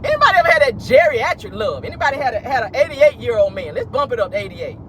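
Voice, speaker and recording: A man hosts a casual celebrity gossip vlog from his car, talking with playful sass and frequent laughter. His pitch leaps and dives expressively. Faint noise from the car hums in the background. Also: big pitch swings, quick pace, fairly bright tone. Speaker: host.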